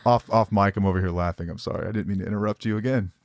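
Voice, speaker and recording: A middle-aged man co-hosting a podcast in casual chat with his wife. He speaks calmly and likes to joke. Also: on the low side, very fast, no room sound, studio quality. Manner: laid-back and joking, calm even when telling a story. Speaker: podcast co-host. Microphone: close podcast mic.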